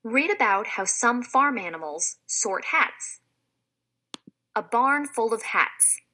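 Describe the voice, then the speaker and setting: Teacher lady reading a kids story, slow and lively. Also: fairly high pitch. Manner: clear, expressive read-aloud for children. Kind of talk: reading a children's storybook aloud.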